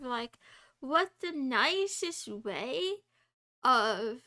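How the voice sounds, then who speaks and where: A woman thinking aloud while she works through a coding exercise on a quiet live study stream, halting and muttering, often half-whispered, with nervous laughs. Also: sits high, lively intonation.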